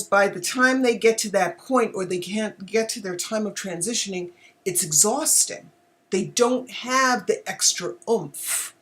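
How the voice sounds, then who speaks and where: Emotional woman hosting a live stream. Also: mid-range voice. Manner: emotional, animated, with laughs and exclamations. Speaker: animal communicator host. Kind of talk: live-streamed casual talk.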